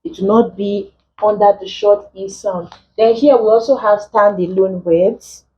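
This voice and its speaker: A woman English tutor teaching vowel sounds for exam preparation, saying example words slowly and often repeating them. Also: medium pitch, steady tone, muffled recording, a little hiss or hum. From Nigeria. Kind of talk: exam prep lesson.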